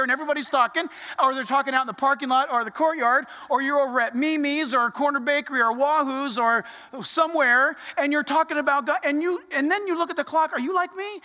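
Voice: high voice, a little fast. A pastor preaching a conversational sermon in a church, acting out little quotes as the story goes. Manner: animated, conversational, acts out quotes. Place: church sanctuary. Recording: reverberant church hall.

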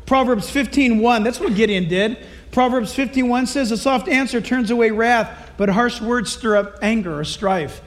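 A man preaching a sermon, animated and dramatic as he retells a Bible story and acts out its characters. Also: very high voice, normal speed, hardly any pauses. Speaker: pastor.

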